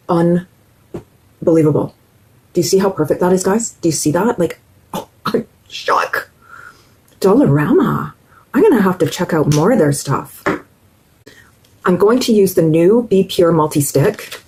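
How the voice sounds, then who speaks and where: A woman's voice: fairly low pitch, dark tone, slight background noise, poor audio. A woman talking viewers through her makeup as a beauty vlogger, chatty and enthusiastic, addressing them directly. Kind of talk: casual makeup tutorial chat.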